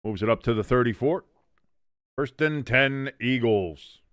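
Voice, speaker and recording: A man calls the plays of a live game for a stream audience, his voice sitting at an ordinary middle pitch. The sound is close and dry, with no room around it. He corrects his slips and throws in wisecracks between plays. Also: a little slow, fairly bright tone, no room sound. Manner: jokey, self-correcting, reads chat aloud. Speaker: watch-along host. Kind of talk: live play-by-play commentary.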